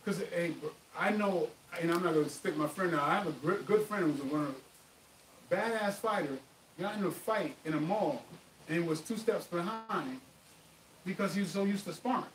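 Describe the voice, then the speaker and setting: A man hosts a live martial arts question-and-answer stream, telling stories with animated emphasis. His voice sits fairly high. It comes from off-mic in an echoey room with a faint hiss. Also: moderate pace, distant mic. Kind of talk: live stream chat and storytelling.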